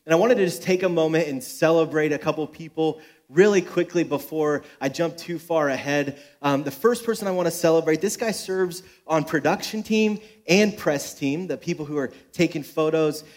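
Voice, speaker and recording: Young man, church pastor; relaxed joking sermon delivery, slightly higher pitch. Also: normal speed. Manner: joking, self-deprecating storytelling. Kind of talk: sermon with personal stories. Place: church service.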